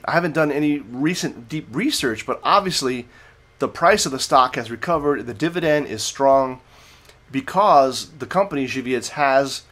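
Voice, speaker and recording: Reviewing beer on an unscripted, casual livestream, an American man tells rambling, digressive stories and keeps correcting himself. His voice sits in the mid-range and is a bit bright.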